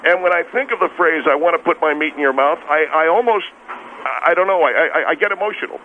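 A man's voice: fairly high pitch, fast talker, close to an everyday voice. A man voicing a blustery, touchy steakhouse owner who calls in, boastful and easily flustered. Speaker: caller. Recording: tinny phone line with faint hiss.

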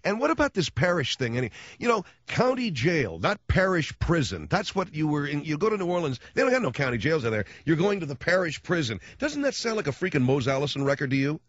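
Rambling, animated radio man with a lo-fi sound. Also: a little high, fast, hardly any pauses, no room sound. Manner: rambling and animated, slangy, mimics voices. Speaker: radio host. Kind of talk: casual storytelling monologue. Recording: dull lo-fi, dry radio sound.

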